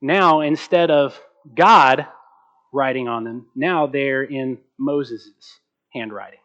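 A man preaching a sermon as pastor, slowing down to stress key words and asking rhetorical questions. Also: mid-range voice, fairly bright tone, dull audio. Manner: asks the congregation rhetorical questions.

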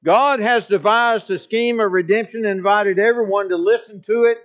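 A man preaching a sermon, leaning hard on key points and pushing his voice up to stress them. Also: moderate pace. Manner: emphatic, with pitch rising on key points. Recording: dull lo-fi recording.

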